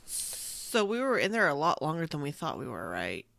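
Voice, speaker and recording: A woman playing a tabletop role-playing game, chatting casually and thinking out loud with fillers. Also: low voice, wildly swooping pitch, normal speed, creaky. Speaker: player.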